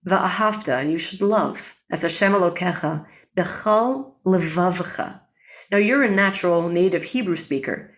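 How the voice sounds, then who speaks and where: A woman guest on an interview, a breathwork facilitator explaining ideas earnestly, often checking in with "right?" and quoting Hebrew prayers. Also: fairly low pitch. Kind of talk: reflective interview talk.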